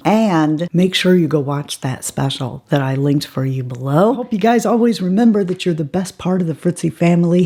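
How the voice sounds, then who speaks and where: A woman beauty vlogger in casual chat, telling a joke to her viewers as she gets ready. She talks in a chatty, laughing way. Her voice is low and mellow.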